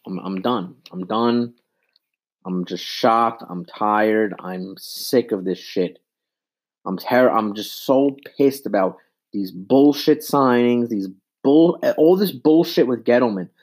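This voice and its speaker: A man's voice: medium pitch, takes it slowly, a little mellow. A man in his twenties giving an exasperated, profane sports rant into a handheld mic, repeating himself. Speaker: sports fan vlogger.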